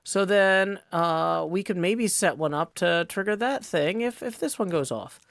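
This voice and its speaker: A man with a high-pitched, creaky, fairly bright voice talks a little slowly, with no echo. Playing on a Minecraft server, he offers casual commentary into a desk mic, thinking aloud, second-guessing himself and joking playfully.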